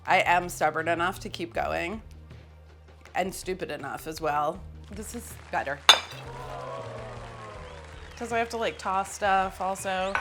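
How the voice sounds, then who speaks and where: A woman's voice: on the low side, measured pace, pauses often, over music. A woman hosting a cooking show, talking casually and poking fun at herself while she cooks in a kitchen. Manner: chatty and self-mocking, with frequent laughs.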